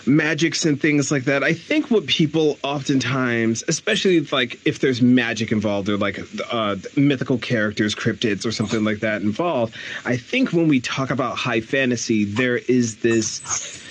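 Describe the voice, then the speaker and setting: A male podcast host leading a relaxed, conversational interview. He talks with eager enthusiasm, laughs easily, and often restarts his sentences. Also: medium pitch, normal speed, poor audio.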